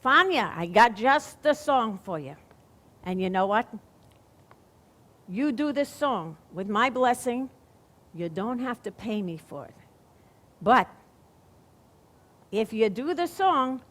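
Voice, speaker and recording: A woman's voice: on the high side, lively intonation, slow pace, long pauses, fairly bright tone. A woman quoting a friendly young male songwriter, coaxing and generous, in a stage monologue.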